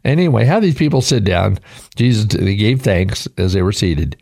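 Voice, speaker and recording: A man's voice: fairly low pitch, very animated, normal speed, gravelly, mellow. An older man, a pastor hosting a devotional radio show, talking in an earnest, emotional preaching way with folksy asides.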